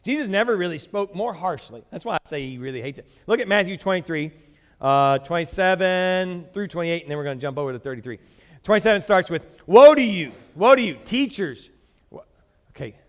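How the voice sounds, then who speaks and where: A man's voice: a little high, expressive, quick pace, a bit bright, big-room sound. A pastor preaching a sermon to his church, joking along the way and reading scripture aloud with strong emphasis. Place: church sanctuary.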